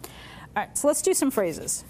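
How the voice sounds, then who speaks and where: A woman teaching a sign language class, talking through each sign as she shows it, with pauses and fillers. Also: high-pitched, big pitch swings, mellow, a little hiss or hum. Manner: demonstrative, talks through signs with pauses and fillers.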